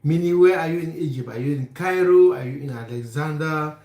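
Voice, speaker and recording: A man's voice: fairly high pitch, fairly quick, a little mellow. Chatty man live-streaming from his kitchen. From Cameroon. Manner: chatty, teasing, answering viewers by name. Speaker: livestream host. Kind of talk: casual live chat reading viewer comments. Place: home kitchen. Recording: echoey kitchen room.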